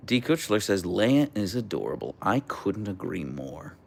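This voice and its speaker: Young guy hosting a livestream, deep-ish voice that swings up and down a lot, just chatting casually. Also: a little slow, creaky. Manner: chatty, relaxed, reads viewer comments aloud. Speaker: livestream host reading chat. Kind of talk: casual live chat.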